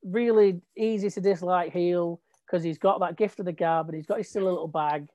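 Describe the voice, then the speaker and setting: A woman chatting as a guest about wrestling, lively and opinionated. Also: lowish voice, fairly quick, dry recording, lo-fi sound. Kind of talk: casual chat about wrestling.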